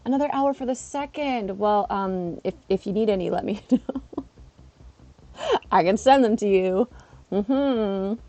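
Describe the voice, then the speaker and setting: A woman live streaming in casual chat, chatty and excitable, eating while she talks. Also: mid-range voice, measured pace, long pauses.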